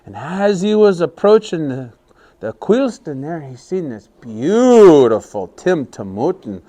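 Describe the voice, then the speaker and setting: A man telling a story to a class of young children, animated and often asking them questions. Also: on the high side, a little slow.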